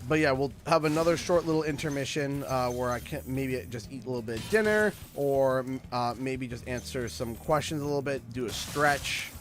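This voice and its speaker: A man from Canada chatting casually and rambling while playing a video game on a live stream, now and then breaking into sudden loud shouts. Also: mid-range voice, moderate pace, hardly any pauses, faint music behind.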